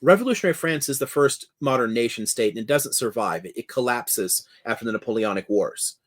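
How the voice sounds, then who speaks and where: A man's voice: medium pitch, lively intonation, brisk. Man, thoughtful lecturer, discursive, laughs easily, video call, home office. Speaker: history lecturer. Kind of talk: explanatory lecture in casual conversation. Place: home office with a monitor, indoors.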